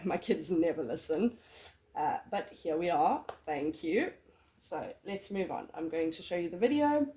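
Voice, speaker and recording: A woman in her thirties with a hoarse, sick voice, chatting casually and self-deprecatingly through a home craft tutorial. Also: fairly low pitch, dark tone. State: hoarse from illness. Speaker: crafting vlogger.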